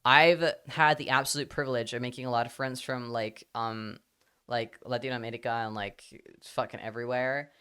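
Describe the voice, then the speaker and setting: A young man chatting casually on a livestream, rambling with lots of fillers and the odd swear word, and getting animated as he talks. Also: medium pitch, moderate pace, clean tone.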